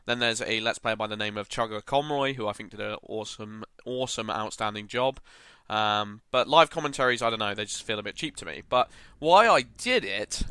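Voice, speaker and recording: A man's voice: medium pitch, bright, forceful tone, clear, resonant tone, no room sound. A man hosting live gameplay commentary, thoughtful and rambling, with frequent fillers and self-corrections. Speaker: gaming channel host.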